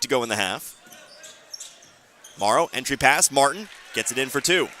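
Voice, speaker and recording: Bright-voiced radio basketball announcer. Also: male voice, mid-range voice, expressive, slight background noise. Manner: quick play-calling with dry asides. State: hiccuping. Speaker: play-by-play announcer.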